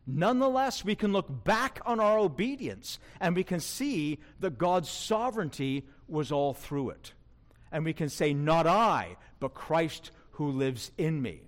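Preaching with expressiveness, a man speaks slowly and with emphasis, addressing questions straight to his audience. His pitch is fairly high and rises and falls widely.

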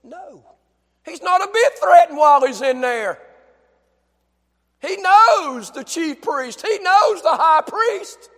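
A male preacher delivering a fervent sermon in a church, dropping to a hush and then building to shouts with repeated phrases. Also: extremely high pitch, animated, slow pace, long reverb tail.

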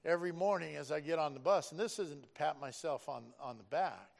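Gravelly, earnest man. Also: fairly high pitch, fairly quick. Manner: earnest, preacherly, emotional. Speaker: school bus driver. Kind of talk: personal testimony.

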